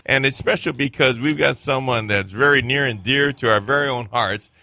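A man's voice: mid-range voice, moderate pace, gravelly, bright, forceful tone, soft background music. A man hosting a ministry radio show from the studio, talking in an upbeat, jokey way. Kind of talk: casual radio talk.

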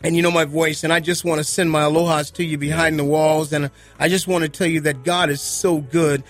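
A man's voice: a little high, flat delivery, fairly quick, a bit bright, soft background music. A man visiting a radio studio as a ministry guest, preaching fervently and repeating his amens.

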